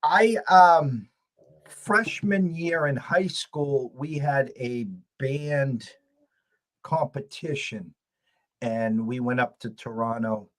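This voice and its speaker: Man, mid-pitched, chatty host, stammers into his sentences. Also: slow pace. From United States. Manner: chatty, repeats words when starting sentences. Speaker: podcast host. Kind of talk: casual sports betting chat.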